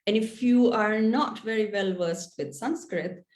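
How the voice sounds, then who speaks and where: A woman's voice: medium pitch, a little slow, darkish tone. A woman author being interviewed, explaining things in an earnest, thoughtful way. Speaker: author guest. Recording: echoey room.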